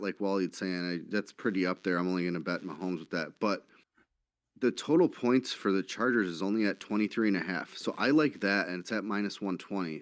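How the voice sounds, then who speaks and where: A man's voice: sits low, no room sound. A man on a panel giving betting picks in a casual chat, hesitant and full of fillers.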